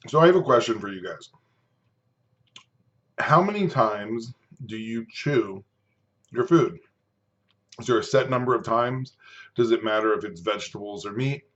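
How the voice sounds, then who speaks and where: A man's voice: mid-range voice, lively intonation, normal speed, pauses often, a bit bright, lo-fi sound. A man in his fifties talking casually to camera while eating, chatty and rambling, stopping now and then to chew. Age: 50s. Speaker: food and fitness vlogger.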